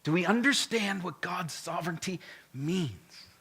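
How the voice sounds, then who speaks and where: Male pastor, sermon, high voice, conversational and blunt, emphatic asides to the congregation. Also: lively intonation, unhurried, vocal fry, sharp tone, breathy edge.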